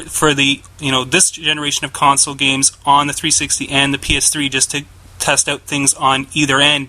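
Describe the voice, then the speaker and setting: Bright-voiced man rambling on a podcast. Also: a little high, low-quality recording. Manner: rambling with many restarts. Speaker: podcast co-host. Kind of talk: casual podcast chat.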